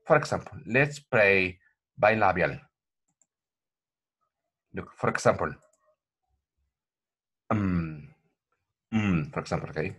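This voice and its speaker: Husky man teaching pronunciation. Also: low voice, takes it slowly, pauses often, fairly bright tone. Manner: repetitive, addresses viewers as my friends, frequent okay. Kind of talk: online language lesson.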